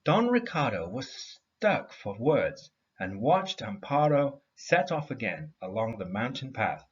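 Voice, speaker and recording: A man reading a story aloud to a class in an expressive storytelling manner. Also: medium pitch, unhurried, highs cut off. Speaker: teacher.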